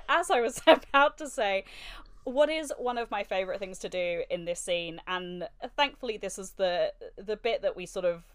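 A woman's voice: medium pitch, moderate pace. A woman co-hosting a podcast, telling stories with frequent giggles. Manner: giggly, animated storytelling. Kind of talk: casual podcast chat.

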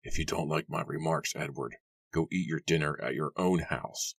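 A crotchety old grandfather growls and barks in a harsh, raspy rasp, voiced by a male narrator. The voice sits extremely low and close, with a dry, deadened sound. He grumbles as if every word were an old complaint. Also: normal speed, dry recording, heavily acted. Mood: gruff. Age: over 60. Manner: barking, bellowing complaints.

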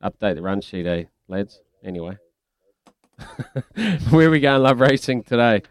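A man's voice: mid-range voice, very animated, measured pace, smooth, no room sound. A man hosting breakfast radio from a studio, chatty and laughing often. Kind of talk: casual radio banter.

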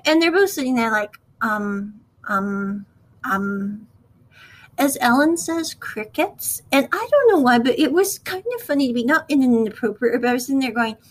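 A woman's voice: high voice, expressive, a little fast, hardly any pauses, rough recording. Chatty woman recapping a drama. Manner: chatty, rambling, acts out quotes. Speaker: show reviewer. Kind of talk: casual recap and commentary.

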